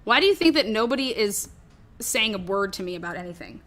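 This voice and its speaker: A woman's voice: mid-range voice, animated, brisk, fairly bright tone. A woman hosting a true crime show, talking through her theory in a rambling, casual way, swearing often and acting out what others might have said.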